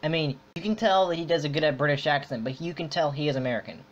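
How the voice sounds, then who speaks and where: Rambling podcast host, dull lo-fi sound. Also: male voice, a little high, fast, slight background noise. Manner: rambling, filler-heavy, many restarts. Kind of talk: casual online chat. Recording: dull lo-fi audio.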